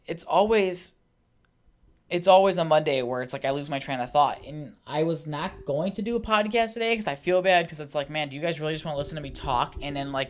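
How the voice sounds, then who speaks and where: A man's voice: fairly high pitch, fairly bright tone. A man hosting his own podcast alone, rambling casually, swearing often, and getting worked up easily. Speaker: podcast host.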